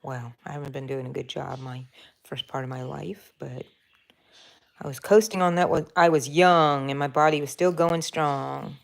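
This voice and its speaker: A woman's voice: sits low, moderate pace, gravelly. An older woman hosting a home craft livestream, chatting in a rambling, casual way and answering her viewers. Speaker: crochet livestream host. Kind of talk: casual chat while crocheting.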